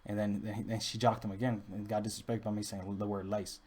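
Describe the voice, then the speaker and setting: Fast-talking young man rambling a story. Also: fairly low pitch, little pitch movement, darkish tone, breathy edge. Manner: rambling, repetitive restarts, heavy street slang. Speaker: vlogger. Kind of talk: casual storytelling monologue.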